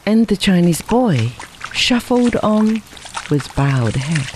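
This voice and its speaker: A reader narrating a story in a measured storybook manner. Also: medium pitch, very animated, noisy background. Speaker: audiobook reader. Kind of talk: scripted narration.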